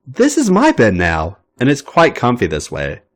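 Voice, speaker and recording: A man voicing a bratty, playful young man who talks airily and breaks into high shrieks. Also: huge pitch swings, moderate pace. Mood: airy. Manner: airy, whiny, high-pitched shrieks. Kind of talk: audiobook-style read fiction.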